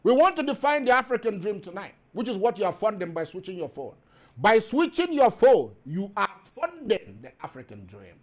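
A man's voice: sits high, big pitch swings, normal speed. A man hosting a show, delivering an impassioned, preaching monologue full of repetition and rhetorical questions. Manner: rising to emphatic peaks. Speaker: host.

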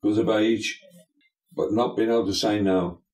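Give me an older man preaching emphatically in an echoey room, with a lowish voice. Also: normal speed, faint music behind. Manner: emphatic, folksy sayings and lively asides. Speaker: pastor and bishop, guest. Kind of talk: preacherly interview talk.

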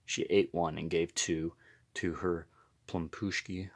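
A man reading a picture book aloud in a gentle, unhurried storytelling manner. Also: sits low, flat delivery.

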